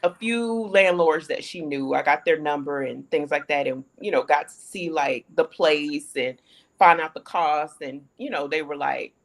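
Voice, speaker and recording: A woman from the United States telling a lively story in a casual chat, acting out the dialogue. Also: low-pitched, moderate pace. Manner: animated storyteller acting out quoted dialogue, laughing often. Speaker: panelist sharing her relocation story.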